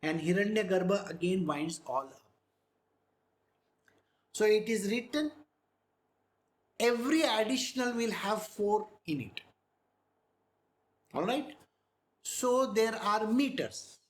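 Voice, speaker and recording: A man giving a spiritual discourse, speaking slowly, sounding out words and often checking whether listeners follow. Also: sits high, roomy sound. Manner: slow, demonstrates pronunciation, asks listeners if they follow. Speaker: spiritual teacher.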